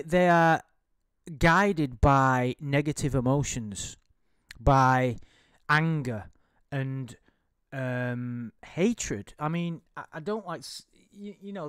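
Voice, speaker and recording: A man gives casual, rambling commentary while reading out a chat log, swearing, restarting and laughing throughout. His fairly high voice has a clean tone, with studio-quality audio and no echo.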